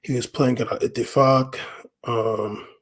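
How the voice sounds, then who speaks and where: A man in his own solo podcast riffs in loose, slang-heavy casual talk. He rambles through fillers and restarts and breaks into laughter often. His voice sits at a middling pitch for a man. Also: steady tone, a little slow. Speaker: podcast host.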